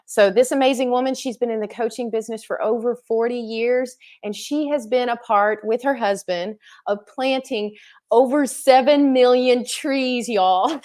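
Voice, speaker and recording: A woman's voice: on the high side, measured pace. A woman hosting a live interview stream, chatty and enthusiastic. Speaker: host and founder.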